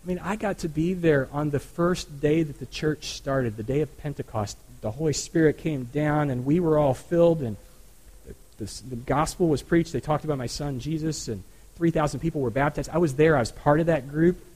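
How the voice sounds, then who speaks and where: A man's voice: on the high side, normal speed, darkish tone, natural voice, low-quality recording. A man voicing an elderly mother who proudly and folksily looks back on her life. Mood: fond, reminiscing. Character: elderly woman, a mother looking back contentedly.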